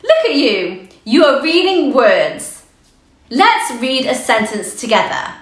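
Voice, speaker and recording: Woman, children's phonics teacher, very slow, lively sing-song pitch, echoey room. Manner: slow, sing-song and encouraging, sounding out letters.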